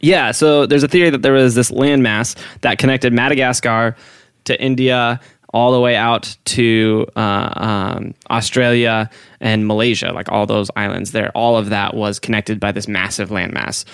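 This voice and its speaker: A man's voice: medium pitch, steady tone, moderate pace, a bit bright, clean tone, no room sound, clean studio sound. A man co-hosting a casual podcast chat, rambling through his explanations and often breaking into laughter. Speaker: podcast co-host explaining a topic.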